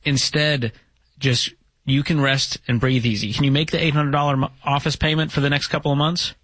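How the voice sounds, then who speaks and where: A man hosting a call-in advice show, giving calm, steady guidance and asking probing questions. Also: medium pitch, a little fast, slightly rough, no echo, rough recording. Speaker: host.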